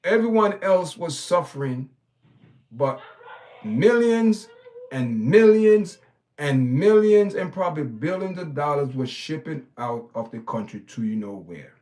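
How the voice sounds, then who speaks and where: A man's voice: a little high, lively intonation, measured pace, darkish tone. A man hosting his own stream, giving preachy, emphatic commentary full of repeated words and restarts. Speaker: channel host. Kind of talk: opinionated commentary livestream.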